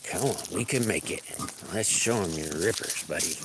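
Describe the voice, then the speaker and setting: A man's voice: deep voice, normal speed, heavy background noise. A man hosting a casual live stream outdoors among his farm animals, rambling and trailing off mid-sentence, recorded on a phone. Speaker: livestream host.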